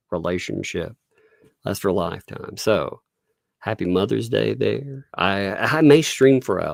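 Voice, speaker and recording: A man in his thirties hosts a relaxed livestream, talking casually and laughing often. His voice sits low with a gravelly edge, and the sound is dry and close. He drifts into quoted voices while telling family stories. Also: no room sound. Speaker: livestream host.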